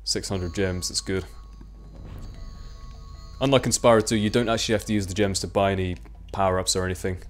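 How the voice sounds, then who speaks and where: Chatty young man, low voice. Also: fairly even intonation, fairly quick, pauses often, soft background music. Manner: chatty, rambling, self-mocking. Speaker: let's play commentator. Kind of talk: casual gameplay commentary.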